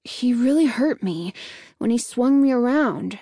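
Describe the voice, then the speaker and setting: A woman's voice: fairly high pitch, expressive, a little slow, dark tone, slightly rough, no echo, studio quality. A woman voicing a worried boy who sounds anxious and a little out of breath. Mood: uneasy. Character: worried, uneasy young boy, Danny.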